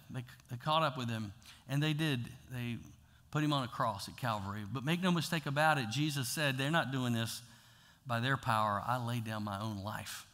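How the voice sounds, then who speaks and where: A pastor preaching a sermon in a casual, talky way, swinging from loud to hushed. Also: male voice, mid-range voice. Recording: long hall reverb.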